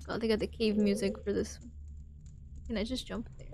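A woman playing a video game and commenting on it, speaking softly and half whispering in quiet parts. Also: medium pitch, fairly even intonation, fairly quick, vocal fry, long pauses. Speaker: gamer.

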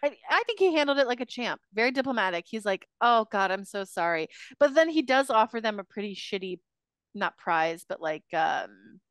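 A woman's voice: fairly high pitch, animated, a little fast, fairly bright tone, no room sound, clean studio sound. A woman in a casual podcast chat, talking things through with joking asides. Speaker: podcast co-host or guest. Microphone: podcast microphone.

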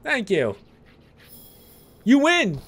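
An excitable man streams a game and talks casually to his viewers. His voice sits high and he swears now and then. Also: drawn-out words, slightly rough. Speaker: gaming streamer. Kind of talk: casual gameplay commentary.

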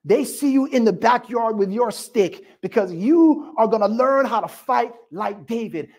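A male pastor preaching a sermon, telling the story with lively call-and-response to the congregation. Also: very high voice, normal speed, few pauses.

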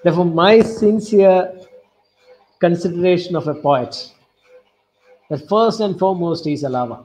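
A man with a Kerala Indian English accent giving an online lecture on poetry, speaking slowly and deliberately, repeating key phrases and reciting lines of verse softly. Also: high voice, poor audio. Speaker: English professor.

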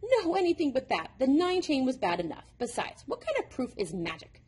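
A woman's voice: wildly swooping pitch, moderate pace, a little mellow, breathy edge, heavily acted. A woman voicing an exasperated young boy who hates math, with a whiny, protesting manner, in a storybook reading. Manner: whiny, protesting, rising pitch.

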